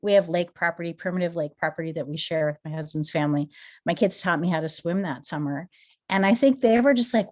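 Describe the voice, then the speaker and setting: A woman in her forties from Minnesota, giving an earnest, emotional testimony as a guest speaker and rising into excited rhetorical questions. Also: fairly low pitch, fast. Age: 40s. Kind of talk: motivational company testimony.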